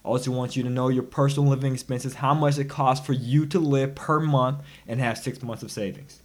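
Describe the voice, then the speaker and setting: A man giving a motivational personal finance lesson, talking in an animated, preachy way with sudden loud, emphatic bursts. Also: medium pitch, fairly quick. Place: recorded instruction.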